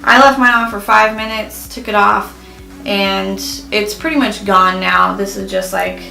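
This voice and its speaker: A woman's voice: mid-range voice, steady tone, measured pace, vocal fry, pushed and bright, faint music behind, rough recording. A young woman chatting casually in a beauty review vlog, full of "like" fillers. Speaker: beauty vlogger.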